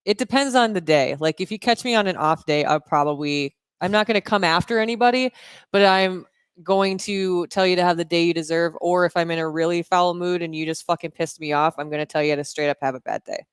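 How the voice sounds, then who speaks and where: Deep-voiced woman with vocal fry. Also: a little fast, no echo, clean studio sound. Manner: blunt, profane, laughs often. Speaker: podcast co-host. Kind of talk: casual podcast chat.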